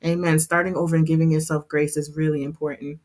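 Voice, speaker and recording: A woman hosting a casual livestream, talking in a chatty, heartfelt and expressive way as a hair program instructor. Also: sits low, fast talker.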